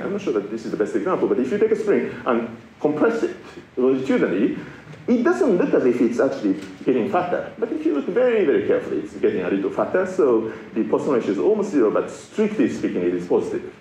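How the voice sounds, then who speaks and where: A middle-aged man from Japan lectures in a playful, self-mocking way, his pitch rising and falling with lively energy. The sound is roomy, as in a lecture hall, with a faint hum of ambience behind him. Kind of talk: public science lecture.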